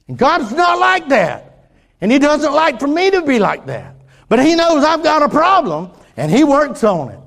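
An older man preaching a folksy sermon, restarting phrases and swinging from quiet asides to louder points. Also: very high-pitched, creaky.

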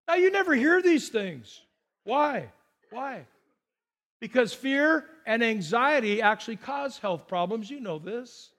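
A man preaching a sermon, telling stories with quoted dialogue and swinging between excited bursts and hushed, quiet lines. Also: very high-pitched, measured pace. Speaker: pastor.

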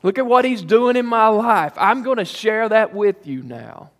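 A male pastor preaches in a high, bright register, stretching key words and pausing for emphasis. His voice rings out with a long reverb tail from the church sanctuary. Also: animated, creaky. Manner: emphatic, drawn-out preaching with pauses. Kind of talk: sermon.

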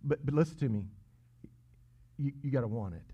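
A man preaching a sermon, earnest and emphatic, swinging between loud peaks and hushed asides. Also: mid-range voice, expressive, a little fast, slightly rough. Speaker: pastor. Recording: dull lo-fi sound.

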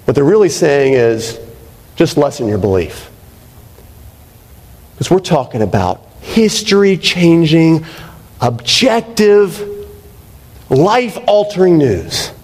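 A man's voice: fairly high pitch, sing-song, takes it slowly, long pauses, darkish tone. A male pastor preaching a sermon in a conversational way, often checking in with "right?". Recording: reverberant hall.

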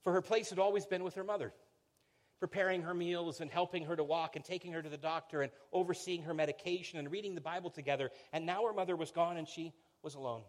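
Soft-spoken pastor man telling a story. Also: steady tone, fast. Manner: conversational, repeats words when starting phrases, drops soft and low for solemn lines. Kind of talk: sermon storytelling.

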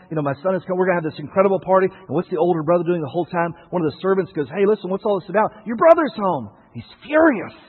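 Husky preaching man over tinny radio. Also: a little high. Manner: preaching with rising emphatic swells and quiet drops. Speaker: pastor. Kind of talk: sermon. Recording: tinny phone-like radio broadcast with long reverb.

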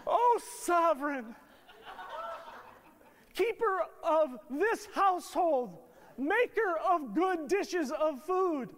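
A man voicing a child who flatters a parent with grand titles, slow and drawn out, to get out of a chore. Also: very high-pitched, pitched above the performer's own voice, full character voice. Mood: pleading. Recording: long hall reverb.

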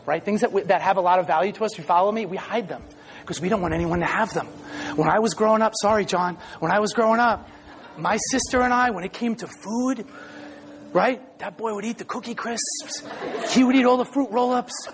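A male pastor preaching a lively sermon, often shouting and joking with the congregation. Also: sits high, slight background noise.

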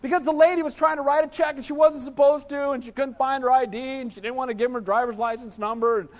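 A man preaches to his congregation in a lively, conversational style, tossing them quick questions as he goes. His voice sits very high for a man. The sound carries a long reverb from a church hall. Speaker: pastor. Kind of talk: sermon.

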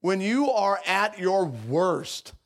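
A man's voice: sits high, sing-song, slow pace. A man preaching a sermon in a conversational, confessional way. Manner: conversational, confessional, mimics voices in anecdotes.

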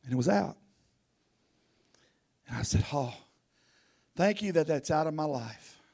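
A man preaching a sermon, telling a folksy story that swings from loud to hushed. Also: fairly high pitch, lively intonation, a little slow, creaky. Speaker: pastor.

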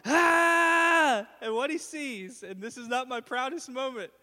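High-voiced man preaching in a reverberant hall. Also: normal speed. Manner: animated storyteller, acts out screams. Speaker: pastor. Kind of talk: sermon with storytelling. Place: church sanctuary.

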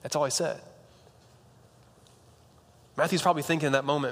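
Casual young preacher in a reverberant hall. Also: male voice, fairly high pitch, brisk, pauses often, a bit bright. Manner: casual, conversational preaching with slang and restarts. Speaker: pastor. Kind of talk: sermon.

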